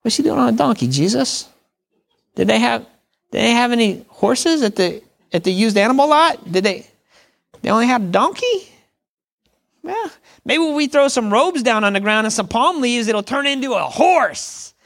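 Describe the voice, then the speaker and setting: A man voicing an eager, excitable male onlooker in a crowd, full of incredulous exclamations. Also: very high-pitched, moderate pace, vocal fry, pitched above the performer's own voice, heavily acted. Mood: puzzled.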